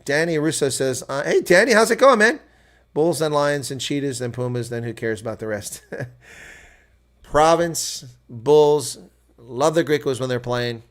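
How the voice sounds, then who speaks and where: An American man with a mid-range voice calls a rugby match live as a reaction stream. He chats casually with his viewers between plays. He erupts into loud shouts when the action heats up. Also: medium pitch, measured pace. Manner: excitable, jumps to loud shouts at big plays; chatty asides to viewers. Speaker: host. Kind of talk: live reaction play-by-play commentary.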